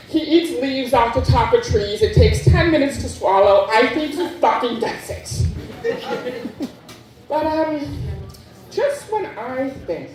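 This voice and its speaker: A woman performs stand-up with a deadpan, crude delivery, her pitch bouncing lively and a little high. She is heard from a distance in an echoey club, and a crowd laughs loudly behind her. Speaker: stand-up comedian. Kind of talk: stand-up set.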